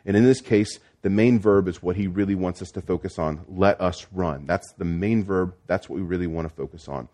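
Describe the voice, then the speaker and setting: A man's voice: low-pitched, fairly quick, hardly any pauses, darkish tone. A man preaching a sermon as pastor, explaining the text step by step with frequent restarts and fillers.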